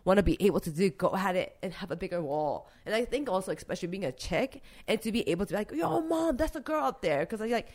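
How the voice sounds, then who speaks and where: A woman's voice: on the low side, quick pace, few pauses, a little mellow. A young woman being interviewed about her street art, talking in a casual, emotional way full of fillers.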